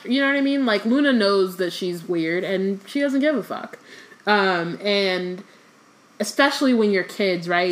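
A woman's voice: medium pitch, slight background noise. A woman co-hosting a podcast, chatting casually with fillers and reading a book aloud in between.

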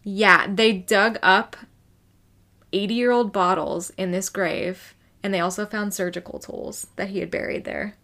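A woman co-hosts a relaxed true crime podcast. She tells the story loosely, swears freely and keeps a conversational tone. Her pitch sits at an ordinary middle level. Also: unhurried.

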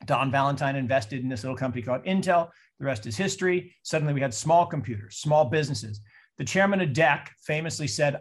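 Animated older man storyteller. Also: a little high, fast. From Seattle, USA. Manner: animated storytelling with mock voices. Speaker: investor speaker. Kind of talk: presentation on a call.

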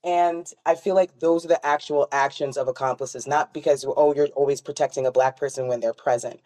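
A woman hosting a casual podcast chat, telling stories in an animated, profane and joking way. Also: low voice, fairly quick.

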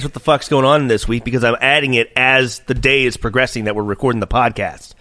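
A male podcast host who rambles, swears freely and keeps trailing off into fillers as he banters. His voice sits at an ordinary middle pitch. It is recorded close and dry, with almost no room sound. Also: brisk, few pauses, sharp tone, dry recording. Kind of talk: casual bickering podcast chat.

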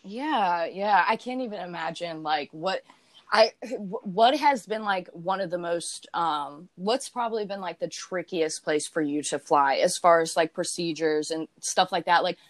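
A woman's voice: fairly low pitch, measured pace, dry recording. Young woman host, slight Southern accent. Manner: friendly, rambling, lots of fillers. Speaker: podcast host. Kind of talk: casual interview chat.

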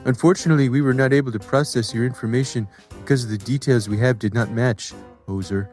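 A man's voice: medium pitch, steady tone, fast talker, a little mellow, soft background music, close to an everyday voice. A man reading as a mock Canadian scam letter. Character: male phishing scammer letter writer, mock Canadian.

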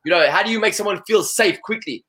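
A man talking as an interview guest, animated and full of "you know" fillers. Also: high voice, fast. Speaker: guest, salesperson. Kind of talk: conversational interview.

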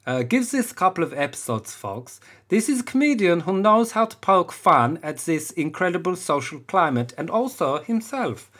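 A man's voice: high-pitched, big pitch swings, normal speed, a bit bright, pitched above the performer's own voice, exaggerated voice. A man putting on a heavy mock German accent to read out a fan review in a stiff, formal way. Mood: earnest.

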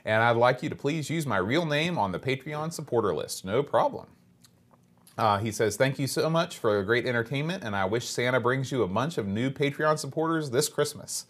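Reading listener emails aloud, this man co-hosting a podcast has a mid-range, fairly bright voice with lively intonation and a moderate pace. His chat is casual and loose with filler words.

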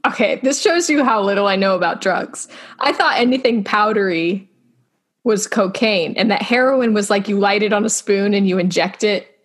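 A woman co-hosts a podcast, casually recapping a TV episode in a self-deprecating way and asking lots of questions. Her voice is mid-range at a normal speed.

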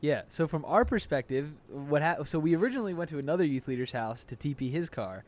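A young man co-hosting a relaxed chat, his voice sitting a little on the high side. He tells stories with energy and acts out the quotes along the way. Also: fast. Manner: animated storyteller, acts out quotes loudly. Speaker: podcast co-host. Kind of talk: casual chat.

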